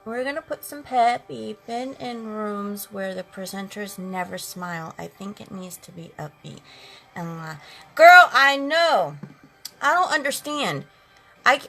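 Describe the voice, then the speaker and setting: On poor audio, a woman with a medium-pitched, sharp-toned voice chats with her makeup live stream viewers, sassy and talkative, addressing them as girls and honey. Faint eighties instrumental music plays underneath.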